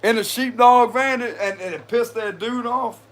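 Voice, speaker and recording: A man's voice: very high-pitched, measured pace, a bit bright. A man giving a casual tarot reading, chatty and slangy, talking straight to his viewers and often breaking into laughter. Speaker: tarot reader.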